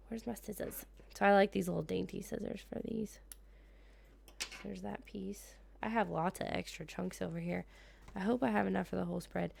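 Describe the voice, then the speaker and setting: A woman's voice: medium pitch, gravelly, darkish tone. A woman in her thirties from the United States, chatting casually in her living room as she decorates a planner, laughing often and muttering to herself. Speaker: planner vlogger. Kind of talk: casual plan-with-me chat.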